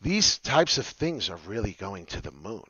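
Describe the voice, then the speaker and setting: A man hosting a crypto show, excitable and rambling, jumping from loud hype to low mutters with many fillers. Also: normal speed, husky, no room sound, muffled recording. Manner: hyped and loud, swings between shouting and muttering. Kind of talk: excited solo crypto talk.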